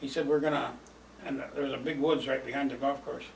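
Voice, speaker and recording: An older man with a gravelly voice rambles through old memories, chuckling between lines and filling pauses. He sits some way from the mic in a roomy space with a faint hum of ambience. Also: medium pitch, level tone, far from the mic. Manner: rambling, chuckling, lots of fillers. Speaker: storyteller. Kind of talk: reminiscing oral history.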